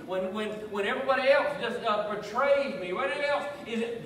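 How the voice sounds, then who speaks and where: Male pastor, high-pitched, preaching with call-and-response in a booming, reverberant sanctuary. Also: lively intonation, normal speed, few pauses, a bit bright, slight background noise. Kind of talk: sermon. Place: church sanctuary. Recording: echoey church hall, voice from far off.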